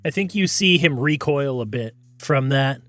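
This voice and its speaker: Easygoing male game master, animated delivery. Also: medium pitch, dry recording, faint music behind. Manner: easygoing, quick to laugh. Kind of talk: running a tabletop game.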